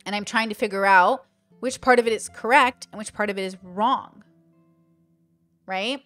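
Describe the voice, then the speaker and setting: A woman's voice: medium pitch, normal speed, no echo, faint music behind. A woman creator in casual livestream chat, thinking aloud with lots of fillers and acting out the voices she quotes. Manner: animated, acts out quoted voices. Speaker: online content creator.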